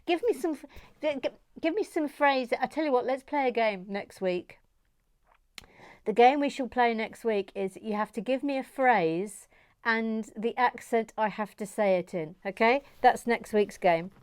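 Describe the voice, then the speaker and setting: A woman's voice: on the high side, slow pace, clear, resonant tone, no echo. A woman hosts a casual livestream, reading out viewer comments in a giggly, playful, meandering way. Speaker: host.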